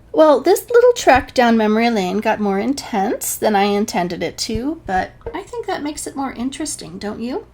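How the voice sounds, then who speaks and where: A woman's voice: medium pitch, gravelly, darkish tone. A woman from New Hampshire telling a personal story to the camera, wry and self-deprecating. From New Hampshire, USA. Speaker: vlogger.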